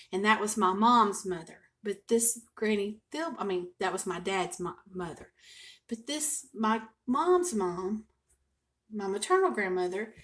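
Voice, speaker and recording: An older woman, a home cooking vlogger chatting and telling a family story to camera in a folksy, expressive way. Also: fairly high pitch.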